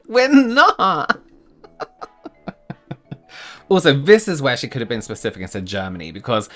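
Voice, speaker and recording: English man, reaction host, animated up-and-down delivery, chatty, quick asides. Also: on the low side. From England. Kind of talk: casual reaction commentary.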